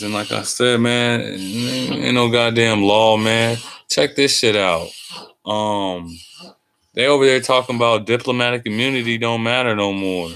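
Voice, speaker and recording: Tired guy rambling slow, lots of cussing and slang, easygoing monologue. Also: on the low side, fairly bright tone. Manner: profane, meandering, street slang. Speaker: host.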